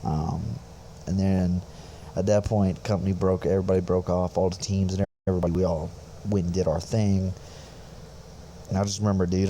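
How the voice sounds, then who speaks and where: Deep-voiced, profane young man telling stories. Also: dark tone, a little hiss or hum. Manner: profane, laid-back, rambling. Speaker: podcast host, infantry soldier. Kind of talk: casual storytelling.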